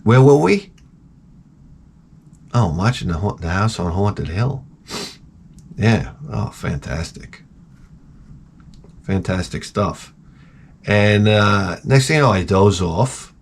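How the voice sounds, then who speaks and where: Animated, foul-mouthed middle-aged man telling stories. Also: takes it slowly, creaky, long pauses, husky. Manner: animated, profane, jumps into high-pitched exclamations when quoting himself. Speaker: host. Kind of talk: casual storytelling rant.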